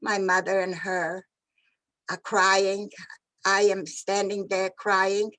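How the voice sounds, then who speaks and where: An older woman giving personal testimony of her childhood, halting and often repeating and restarting words. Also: medium pitch, little pitch movement, fairly bright tone, rough recording. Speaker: Holocaust survivor. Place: virtual event.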